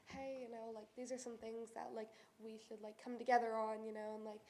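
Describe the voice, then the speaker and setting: A woman's voice: on the high side, level tone, brisk, a little mellow, slight background noise. A woman student on a school board meeting panel. She talks with a lot of filler words. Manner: lots of "like" fillers. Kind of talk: meeting discussion.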